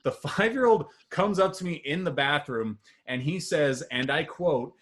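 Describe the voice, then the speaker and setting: A young man doing a stand-up set, telling long self-deprecating stories with lots of fillers, and jumping higher and louder at his punchlines. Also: expressive, normal speed. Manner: rambling, self-deprecating storytelling with many fillers; swings high and loud at punchlines, laughing at his own jokes. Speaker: stand-up comedian. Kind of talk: stand-up set on a live stream.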